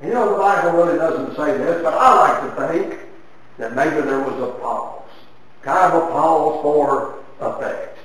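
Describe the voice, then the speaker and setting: A man's voice: a little slow, recorded from a distance. Man preaching in an echoey hall. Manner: dramatic storytelling with sweeping swings of pitch and loudness. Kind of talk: sermon.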